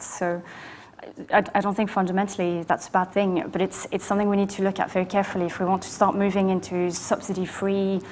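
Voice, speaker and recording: A woman's voice: medium pitch, a little mellow, slight background noise. A woman speaking as a panelist, earnest, often repeating words as she starts. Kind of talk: panel discussion.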